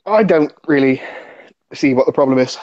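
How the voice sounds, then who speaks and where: A man's voice: mid-range voice, normal speed, a little mellow. A man on a casual podcast panel, blunt and dismissive. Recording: dull lo-fi sound.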